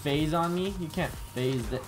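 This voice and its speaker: Excitable young-sounding man, gameplay commentary over music. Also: a little high, normal speed. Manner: excitable, chatty, bursts of surprise and self-mocking. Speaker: gaming YouTuber. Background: background music.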